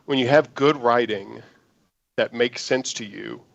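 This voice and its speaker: A man, an actor guest, telling an animated audition story in an interview and acting out the lines he quotes. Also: medium pitch, measured pace, gravelly, no echo, dull audio.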